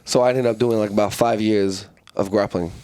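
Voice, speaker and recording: A man's voice: on the low side, brisk, dry recording. A man from France in his thirties, telling fight stories casually on a podcast with lots of swearing. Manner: profane, animated storytelling. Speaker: guest, fighter. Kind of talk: casual storytelling.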